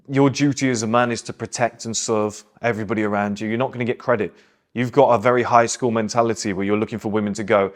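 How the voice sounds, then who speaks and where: A man's voice: mid-range voice, steady tone, quick pace. A young man hosting, delivering a blunt, emphatic motivational monologue. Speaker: host.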